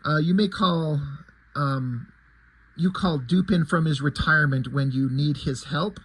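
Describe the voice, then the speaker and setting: A man's voice: on the high side, unhurried, a bit bright, breathy edge, low-quality recording. A man reading aloud the lines of a haughty retired male detective from a comic, in a curt, disdainful tone.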